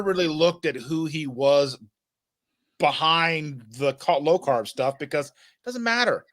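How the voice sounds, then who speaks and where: A man hosting a casual podcast, with a voice that sits a little high for a man. He rambles, restarts his sentences and leans on fillers as he tells a story. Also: expressive, a little slow, fairly bright tone. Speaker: podcast host. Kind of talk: casual chat.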